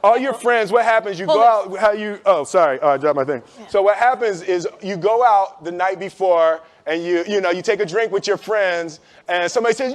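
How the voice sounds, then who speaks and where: A man telling an animated story to an audience, laughing often and repeating himself as he gets excited. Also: sits high, fairly quick. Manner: lively, acts out quoted voices and laughs often; repeats and restarts phrases when excited. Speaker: guest storyteller. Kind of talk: animated anecdote told to an audience.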